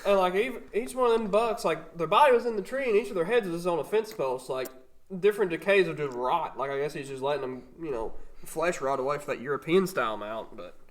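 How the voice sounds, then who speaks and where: A man's voice: fairly high pitch, expressive, a little fast. Rambling young man telling stories. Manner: rambling anecdotes full of filler words. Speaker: podcast co-host. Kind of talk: casual storytelling chat.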